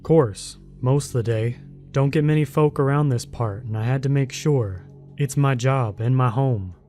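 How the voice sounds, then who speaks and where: A man voicing a huge, rough male mountain guardian with a deep rumbling voice, a thick rural accent and a blunt, serious, folksy way of talking. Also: moderate pace, mellow, faint music behind, natural voice.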